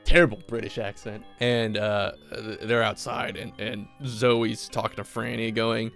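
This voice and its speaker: A man's voice: mid-range voice, moderate pace, vocal fry, a bit bright, faint music behind. A man casually recapping a movie with profane, rambling enthusiasm.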